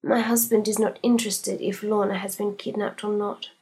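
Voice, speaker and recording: A woman's voice: medium pitch, flat delivery, normal speed, gravelly, a little mellow, slightly rough. A woman voicing a fussy, dramatic plump lady who talks in a breathless, gushing way.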